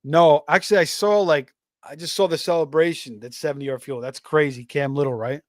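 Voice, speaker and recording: A man's voice: a little high, fairly even intonation, fairly quick, no echo, studio quality. A man hosting a live fantasy football stream, talking casually with many fillers and restarts while reading out chat messages. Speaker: fantasy football livestream host.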